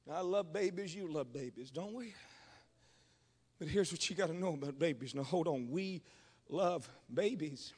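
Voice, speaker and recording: A man's voice: on the high side, normal speed, darkish tone, breathy edge, in a large hall. A man preaching a Pentecostal revival sermon, telling stories and calling on the congregation to respond. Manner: storytelling preacher, calls on the congregation.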